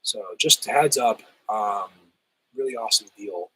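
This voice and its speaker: Chill husky guy on a livestream, bit rough from a cold, chatty and laughing, reading out chat. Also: fairly low pitch, normal speed, bright, forceful tone, no room sound, poor audio. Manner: laid-back, chatty, laughs often, says "hell yeah".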